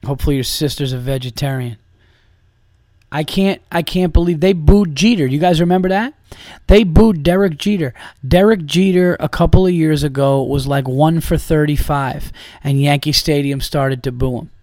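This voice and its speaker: A man's voice: fairly high pitch, moderate pace, a little mellow, no room sound, studio quality. A man hosting a comedy podcast, ranting in a heated, profane, emphatic way.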